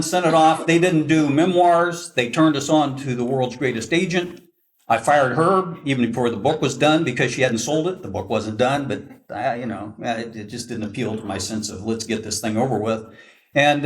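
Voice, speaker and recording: An older man, a veteran forward air controller, telling a self-deprecating story to an audience and acting out the dialogue. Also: mid-range voice. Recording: voice from a distance.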